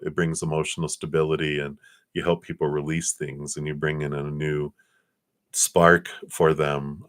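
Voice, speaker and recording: A deep, low-voiced man reads tarot cards on a live stream. He speaks gently and reassuringly, wandering through his thoughts with fillers and restarts. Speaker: tarot reader.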